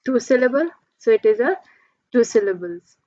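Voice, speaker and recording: A woman's voice: on the high side, animated, normal speed, darkish tone, dry recording, lo-fi sound. A woman teacher giving a pronunciation lesson, explaining patiently step by step and drawing out her example words.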